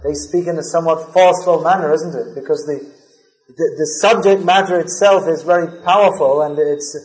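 A man with a somewhat high voice gives a scripture class lecture. He speaks earnestly and leans into emphatic stress. The sound rings around an echoey room. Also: fairly even intonation, a little fast, a little mellow. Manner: recites verses in a chanting cadence. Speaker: spiritual lecturer.

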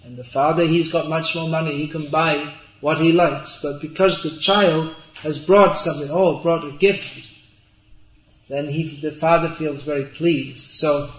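Spiritual teacher, man, slow deliberate delivery, roomy muffled hall recording. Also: on the high side, steady tone. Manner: slow, deliberate, gently humorous. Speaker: spiritual teacher answering questions. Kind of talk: religious talk with audience Q&A.

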